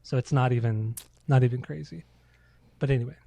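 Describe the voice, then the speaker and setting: A man's voice: mid-range voice, fairly even intonation, brisk, gravelly, warm tone, no room sound. A man co-hosting a casual podcast, telling loose, profane stories and acting out quotes. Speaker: podcast co-host. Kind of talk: casual chat.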